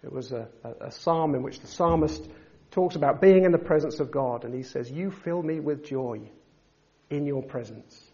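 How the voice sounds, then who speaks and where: A man preaching a sermon, asking his listeners rhetorical questions and building to loud, emphatic passages. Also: fairly high pitch, normal speed, muffled recording.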